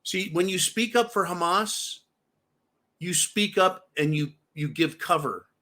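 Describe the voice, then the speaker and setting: Unhurried but furious, a man with a high-pitched, bright, pushed voice hosts a political commentary show full of angry ranting. His language is relentlessly profane, and he repeatedly speaks to viewers as folks.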